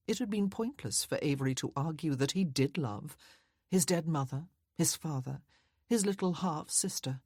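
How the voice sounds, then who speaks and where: A woman narrating a period novel as an audiobook, with a low, husky voice and a measured delivery. The reading is close and dry, with no room sound. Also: a little mellow, no echo.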